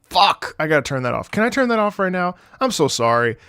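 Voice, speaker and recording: A man streaming live, excitably reacting to music, reading chat and swearing often. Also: fairly high pitch, fast talker, clear, resonant tone, dry recording, studio quality.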